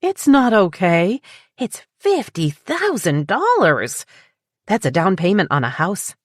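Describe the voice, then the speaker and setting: A woman's voice: lowish voice, big pitch swings, moderate pace, dry recording, clean studio sound. A woman doing a skeptical thrifty mother-in-law. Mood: indignant. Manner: questioning, disapproving.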